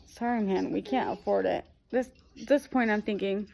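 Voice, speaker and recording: A woman's voice: mid-range voice, normal speed, gravelly, hardly any pauses, warm tone. A young woman vlogger retelling a hard weekend in a rambling, emotional way, full of fillers. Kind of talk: casual storytelling.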